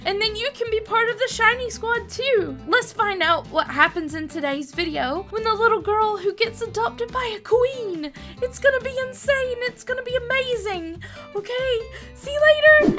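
A woman's voice: extremely high pitch, bright, forceful tone. A woman hosting a gaming channel, giving an upbeat, enthusiastic intro. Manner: enthusiastic, quick call to subscribe. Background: background music.

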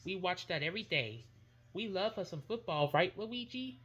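A woman's voice: lowish voice, lively intonation, moderate pace, fairly bright tone, muffled recording. A woman voicing Mario, a cheerful, chatty male plumber and football fan, in a kids' toy play video. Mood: excited.

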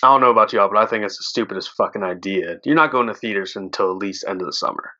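A man's voice: lowish voice, quick pace, pushed and bright. A man hosting a podcast in casual chat, laid-back and swearing freely. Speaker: podcast host. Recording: dull lo-fi sound.

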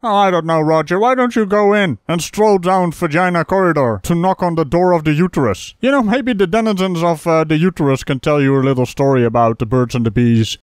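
A man hosts a comedic reaction show, taking apart what he watches with mocking, sarcastic commentary. His voice sits high. The sound is dry and close, with no room around it. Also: expressive, brisk, hardly any pauses, clear, resonant tone, no room sound. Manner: sarcastic, mocking, laughing asides. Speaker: host reacting to a video.

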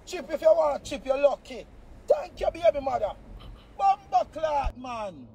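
A man with a Jamaican accent live-streaming a heated, taunting rant, loud and profane, often breaking into shouts. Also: extremely high pitch, lively intonation, a little slow, pauses often, slight background noise.

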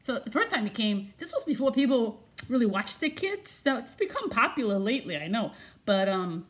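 A woman's voice: a little high, very animated, brisk. A woman in a comedic character monologue, chatty and digressive, losing her train of thought and talking in tough slang.

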